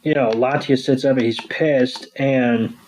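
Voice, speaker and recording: A man hosting a podcast, casually recapping a cartoon episode with crude jokes and quick voices for the characters. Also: medium pitch, fairly even intonation, darkish tone, rough recording. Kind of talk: casual chat.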